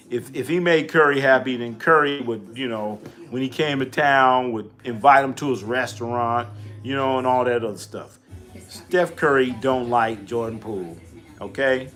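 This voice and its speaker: A man's voice: medium pitch, normal speed, a bit bright, soft background music. A middle-aged man hosting a casual live stream, trash-talking, repeating himself and answering chat questions aloud.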